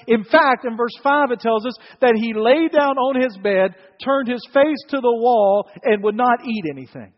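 A man preaching a sermon, telling a story with animated delivery and acting out the characters. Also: very high voice, moderate pace, hardly any pauses, in a large hall, highs cut off. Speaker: pastor.

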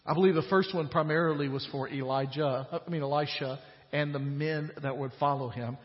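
A pastor preaches a sermon in a slightly high voice, retelling scripture in plain, conversational paraphrase and pressing his points with growing emphasis. His voice rings with a long reverb, as if it fills a large hall. The recording is dull and lo-fi. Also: steady tone, fairly quick.

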